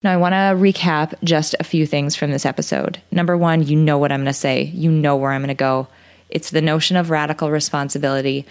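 A woman's voice: low voice, fairly even intonation, brisk, clean tone. A woman in her thirties hosting a podcast, speaking earnestly and with feeling, closing an interview and giving a motivational recap. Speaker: podcast host.

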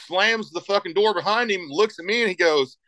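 A man's voice: sits high, a little fast, pushed and bright, no room sound, poor audio. A middle-aged man in casual podcast chat, rambling and emphatic, swearing constantly as he talks about raising his kids.

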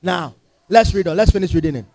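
A man's voice: high-pitched, fast, darkish tone, no room sound, low-quality recording. A man preaching a sermon in an impassioned, scolding and emphatic way.

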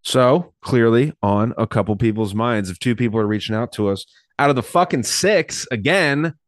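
A man's voice: mid-range voice, moderate pace, no echo, studio quality. A man hosting a casual podcast chat, rambling and swearing casually while reading from his notes. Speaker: podcast host.

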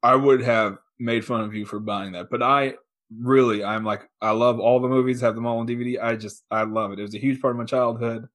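A man co-hosting a podcast in casual chat, agreeable and quick with asides. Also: mid-range voice, steady tone, a bit bright. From Kansas. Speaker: podcast co-host.

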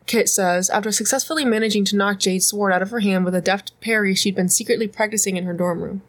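A woman's voice: medium pitch, steady tone, quick pace, hardly any pauses. A young woman co-hosting a podcast, reading fan fiction aloud and teasing her co-host with laughs and swearing. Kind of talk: casual podcast banter and read-aloud.

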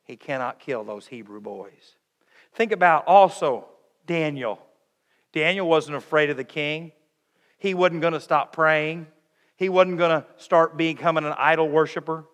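A man preaching a sermon, emphatic, moving between raised passages and hushed ones. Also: on the high side, measured pace, long reverb tail. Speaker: pastor.

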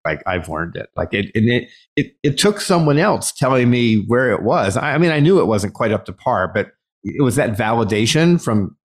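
A male podcast host in casual interview chat, chatty and quick to laugh, with many fillers. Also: medium pitch, lively intonation.

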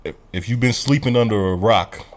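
A man's voice: lowish voice, brisk. A man hosting a casual podcast, telling a loose, profane story. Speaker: podcast host.

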